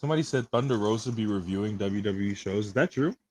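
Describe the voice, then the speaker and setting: A man's voice: fairly low pitch, fast talker, a little mellow, no room sound. A man co-hosting a wrestling review podcast, teasing and laughing in casual banter. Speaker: podcast co-host.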